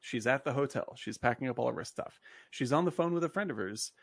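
Brief: husky-voiced male host, dry close sound, loose rambling film talk full of "like" and cursing. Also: mid-range voice, lively intonation, fast, no room sound. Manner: rambling, full of "like" fillers, swears freely. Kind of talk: casual film discussion.

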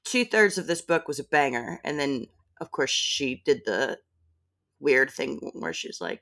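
A woman's voice: extremely low pitch, very animated, a little slow, vocal fry, fairly bright tone. A woman who is a podcast guest, talking casually with sardonic asides and frequent laughs.

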